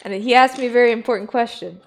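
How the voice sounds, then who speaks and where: A woman's voice: fairly high pitch, fast talker. A woman streaming a game and chatting casually and playfully with viewers, laughing often; her first language is German. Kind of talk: casual gameplay commentary.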